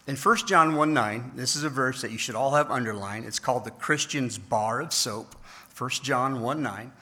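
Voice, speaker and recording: A middle-aged pastor preaching a conversational sermon, asking the congregation rhetorical questions. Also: male voice, mid-range voice, normal speed, pushed and bright.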